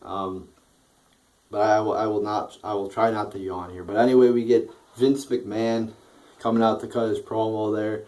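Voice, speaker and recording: A man's voice: fairly low pitch, little pitch movement, moderate pace, warm tone, recorded from a distance, rough recording. Tired, cursing man ranting. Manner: tired, profane, rambling with restarts and yawns. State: sleepy, yawning. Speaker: wrestling show reviewer. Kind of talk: casual profane rant.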